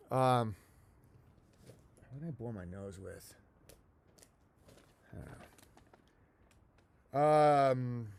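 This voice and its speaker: This is a livestream host at his countryside home, a man whose mid-range voice carries no echo. Casual and rambling, he swears freely while addressing his chat and reading viewers' letters aloud.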